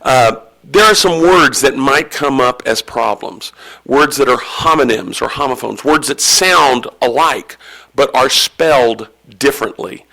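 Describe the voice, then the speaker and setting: A man's voice: mid-range voice, unhurried, creaky, pushed and bright. Friendly male spelling bee pronouncer. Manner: friendly, joking, reassuring. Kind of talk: explaining rules to an audience. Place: school event hall.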